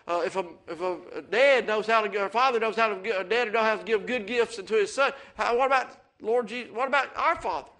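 A man preaching a sermon, mixing folksy family stories with rising, excited calls of amen. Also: high voice, fairly quick, few pauses. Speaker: pastor.

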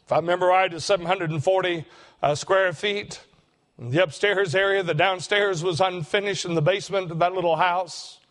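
Older preacher telling a story. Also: male voice, high-pitched, fairly even intonation, a bit bright. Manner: emotional, slows for emphasis. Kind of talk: sermon storytelling.

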